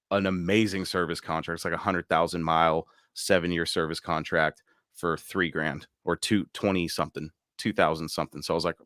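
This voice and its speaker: Deep-voiced man telling a story. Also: fairly bright tone, dry recording, clean studio sound. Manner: laughs through stories, acts out quoted voices. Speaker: podcast host. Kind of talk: casual storytelling chat.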